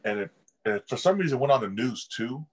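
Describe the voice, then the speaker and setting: A man's voice: medium pitch, lively intonation, fast talker, slightly rough, poor audio. A young man, a college football player, telling casual stories in an interview and laughing often. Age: young adult. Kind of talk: casual storytelling.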